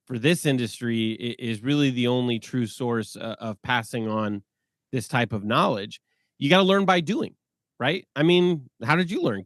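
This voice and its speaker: A man in his forties, a podcast guest telling stories in an animated way and laughing often. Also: medium pitch, no echo, studio quality. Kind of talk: casual podcast conversation.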